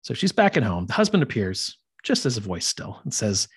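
A man's voice: fairly low pitch, sing-song, a little fast, slightly rough. A man hosting a podcast, casually retelling a myth with chatty asides. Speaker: podcast host.

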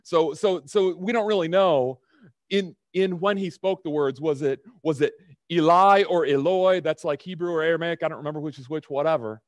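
A male preacher delivers a sermon in a loose, conversational way, often stumbling over repeated words and asking the congregation if they follow. His voice sits a little high for a man. The sound is close and dry, with no room around it. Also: moderate pace, no room sound. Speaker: pastor.

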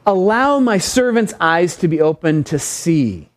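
A man voicing a calm old male prophet who speaks slowly and steadily. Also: sits high.

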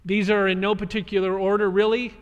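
A man's voice: sits high, level tone, brisk, clean tone. A man preaching a sermon as pastor, earnest and emphatic as he explains the text and speaks directly to his listeners. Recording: long reverb of a large hall.

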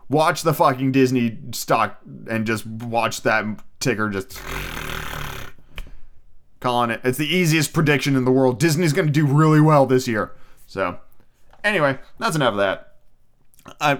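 A man's voice: medium pitch, lively intonation, moderate pace, a bit bright. A man hosting a podcast alone, ranting casually with energy, lots of swearing and self-mocking asides. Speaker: podcast host.

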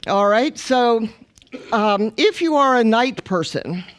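A middle-aged woman delivers a sermon as a visiting missionary preacher. Her voice sits high for a woman. She talks with the congregation, leads call and response and tells light, humorous stories. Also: lively intonation, slow pace. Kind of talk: sermon with opening prayer.

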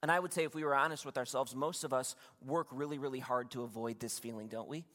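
A man's voice: mid-range voice, fairly even intonation, fast, a bit bright. A man preaching a sermon as a pastor, telling a personal story in a conversational, confiding way with asides to the congregation. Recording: long reverb from a large room.

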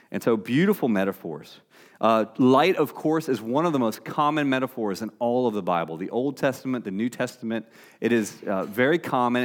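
Conversational pastor preaching. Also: male voice, mid-range voice. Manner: conversational preaching with frequent restarts. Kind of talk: sermon.

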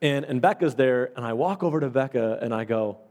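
Mellow-voiced pastor in a reverberant hall. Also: male voice, medium pitch, animated, fairly quick. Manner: conversational, acts out the dialogue of people in his stories. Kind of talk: storytelling sermon. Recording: long reverb of a large hall.

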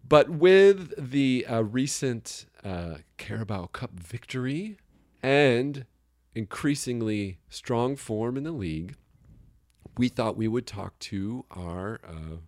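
A man's voice: medium pitch, no echo, studio quality. A man co-hosting a casual podcast chat, joking and rambling, often breaking into laughter. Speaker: podcast co-host. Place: Chicago area.

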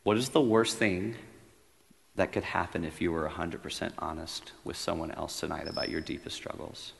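A man's voice: low voice, fairly even intonation, moderate pace, creaky, in a large hall, slight background noise. A man giving an earnest, reflective sermon at a retreat, reading a story aloud. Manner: earnest, reflective, growing quiet and intimate. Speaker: retreat speaker. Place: room at a retreat.

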